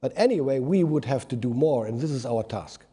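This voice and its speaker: A man's voice: mid-range voice, animated, brisk, dark tone, husky. A middle-aged man with a strong German accent, a native German speaker, answering at a press conference and searching for his words as he goes. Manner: searching for words, restarts phrases. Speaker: government minister.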